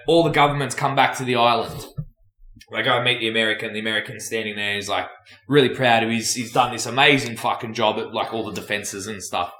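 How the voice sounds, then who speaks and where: A man's voice: mid-range voice, pushed and bright. A man telling long, crude jokes in casual chat, swearing and laughing as he goes. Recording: echoey room.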